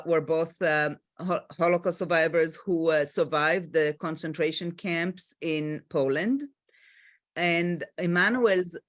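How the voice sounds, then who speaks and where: A middle-aged woman with an Israeli accent, moderating a panel discussion in a halting way with many fillers. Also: lowish voice, a bit bright.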